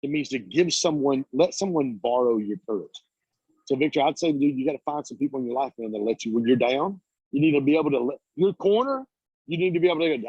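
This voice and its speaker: Husky-voiced motivational speaker man, lo-fi call. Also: medium pitch, fast talker, no room sound. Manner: energetic, preachy storyteller, casual and blunt. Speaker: guest speaker, business coach. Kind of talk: motivational talk on a video call. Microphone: video call. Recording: dull lo-fi call audio.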